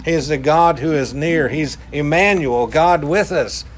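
A man preaching a sermon in a deliberate way, stressing his points by repeating key words. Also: on the high side. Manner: slow, deliberate, emphatic repetition.

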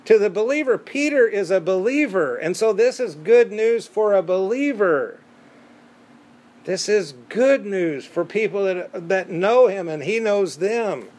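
A man's voice: high-pitched, lively intonation, slow pace, a little mellow. A man preaching a sermon in an emphatic, conversational way, repeating words for stress.

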